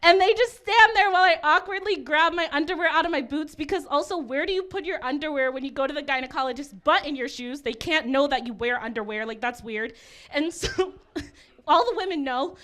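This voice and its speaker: A woman's voice: high voice, a bit bright. A woman comedian doing self-deprecating, confessional stand-up.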